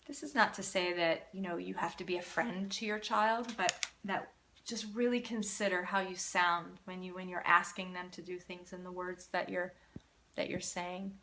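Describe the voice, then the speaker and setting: Bright-voiced woman coaching parents. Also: fairly low pitch, fairly even intonation, moderate pace, a little hiss or hum. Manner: earnest, encouraging, with many restarts. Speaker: parenting coach hosting a live Q&A. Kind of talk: casual live-stream Q&A talk.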